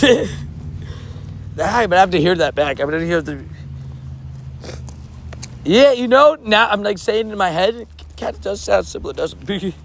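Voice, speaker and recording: A man's voice: high voice, lively intonation, measured pace, creaky, pauses often, slight background noise. A young man chatting casually and cheerfully on a live stream outdoors, laughing often and restarting sentences. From not from New York. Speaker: livestreamer playing a mobile game outdoors.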